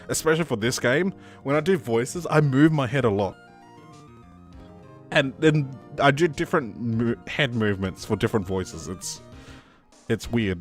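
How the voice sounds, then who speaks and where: Chatty Australian gaming streamer. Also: male voice, medium pitch, fairly bright tone. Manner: chatty, rambling, self-correcting. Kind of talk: let's play commentary, reading the game aloud.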